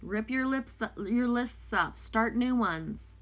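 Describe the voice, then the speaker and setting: A woman's voice: on the high side, expressive, takes it slowly, a bit bright. A woman whose first language is French, casually chatting with viewers and reading oracle cards aloud in a live stream. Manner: chatty, loose, talks back to viewers' comments. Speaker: oracle card reader.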